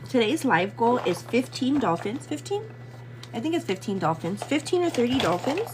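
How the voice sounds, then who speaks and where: A woman in her thirties hosts a get-ready-with-me live stream from home. She chats to her viewers, calls them "girl" and thanks them by name. Her voice sits a little high and swings widely in pitch. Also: sing-song, normal speed, background noise. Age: 30s. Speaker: livestream host.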